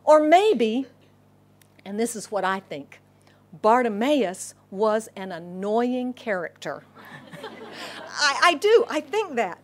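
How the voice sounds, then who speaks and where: A middle-aged woman pastor preaching a sermon, telling a story with animated voices and dropping to a whisper for inner thoughts. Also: fairly high pitch, slow pace, long pauses.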